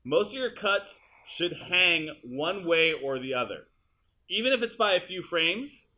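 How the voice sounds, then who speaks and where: A male teacher walking students through an editing demonstration in a high school classroom, casual and chatty as he works. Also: animated, measured pace, pushed and bright. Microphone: room mic, uneven audio quality.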